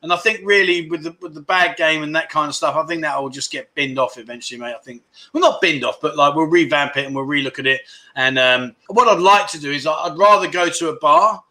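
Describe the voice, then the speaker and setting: The man running this casual livestream has a high-leaning, pushed and bright voice and a fairly quick pace. He chats frankly and meanders, reading viewers' comments aloud and calling each of them "mate."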